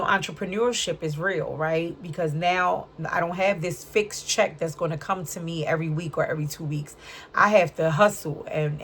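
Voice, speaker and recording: Gravelly-voiced woman doing a chatty tarot reading, lots of slang, keeps saying right. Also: fairly low pitch, a little hiss or hum. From Puerto Rican, raised in Brooklyn. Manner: chatty, frequent "right?" tag questions; streetwise slang. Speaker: tarot reader. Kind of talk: casual spiritual card reading.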